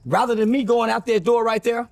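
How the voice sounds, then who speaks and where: A man telling a long story in an interview clip, acting out what others said in a deeper voice. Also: brisk, vocal fry, dry recording. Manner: animated storyteller, acts out quotes in a deep voice.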